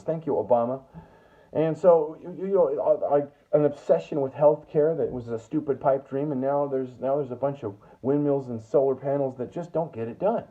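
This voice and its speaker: A man delivering a profane, heated political rant full of stammering restarts. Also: on the high side. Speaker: political commentator. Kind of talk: ranting monologue. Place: US Northwest. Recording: tinny phone-like sound.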